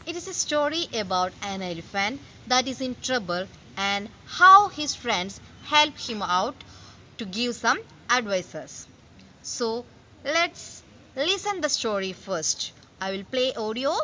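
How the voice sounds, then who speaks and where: A woman's voice: a little high, sing-song, slow, sharp tone, highs cut off, a little hiss or hum. A woman English teacher leading a lesson for young pupils, asking questions and answering them herself in simple, slightly broken English.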